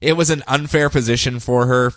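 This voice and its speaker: Man, podcast co-host, casual comic recap, animated and laughing, mid pitch, dry close sound. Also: a little fast, dry recording. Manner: animated, laughs often, slips into playful character voices.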